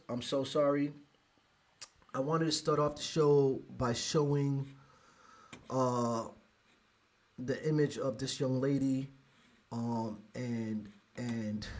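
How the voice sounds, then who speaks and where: A man from the United States hosting a live podcast, speaking emotionally with halting restarts and sighs. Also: fairly high pitch. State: emotional, close to tears. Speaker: podcast host.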